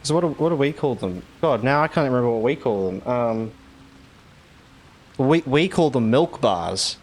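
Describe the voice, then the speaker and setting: A man's voice: medium pitch, lively intonation, moderate pace. A man with an Australian accent from Victoria, chatting casually with viewers while streaming a game. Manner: rambling, chatty, laughs easily.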